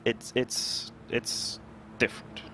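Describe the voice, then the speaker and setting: A man from Austria speaking English with an Austrian German accent, chatting animatedly and giggling on a live race stream. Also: slight background noise. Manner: animated and giggly, with quick bursts of laughter.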